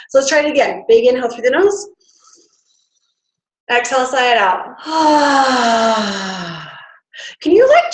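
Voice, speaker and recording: Woman, motivational presenter, chatty, demonstrative sighs, higher-pitched voice, echoey hall-like room. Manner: chatty, demonstrative, breathy sighs to show breathing. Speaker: wellness workshop presenter. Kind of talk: motivational talk to a live audience. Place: standing before an audience in a room.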